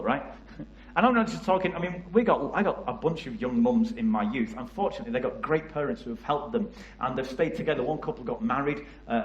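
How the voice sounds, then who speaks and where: A man's voice: mid-range voice, echoey room, low-quality recording. A man with a Liverpool area English accent giving a passionate church talk about youth work, often asking the audience questions. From England. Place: church hall.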